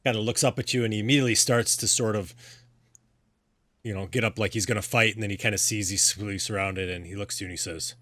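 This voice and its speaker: A man running a tabletop game as game master, talking in a relaxed, halting way with many fillers. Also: on the low side, no room sound.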